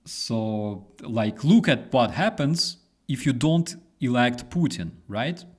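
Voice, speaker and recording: A man whose first language is Ukrainian, hosting casual commentary in a relaxed, halting way with many fillers and restarts. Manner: voices quoted people with exaggerated high-pitched mimicry. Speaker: host.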